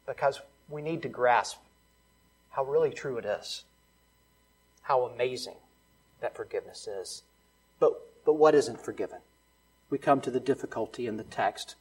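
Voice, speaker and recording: A man preaching a sermon, building to loud, emphatic repeated lines and dropping to soft, hushed ones. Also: medium pitch, breathy edge, poor audio. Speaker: pastor.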